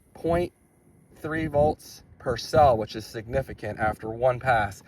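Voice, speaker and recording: Enthusiastic man with a high voice. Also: slight background noise, low-quality recording. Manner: enthusiastic, thinking aloud while reading data. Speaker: RC hobby channel host. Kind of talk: casual hands-on testing vlog. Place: outdoors by a road with traffic.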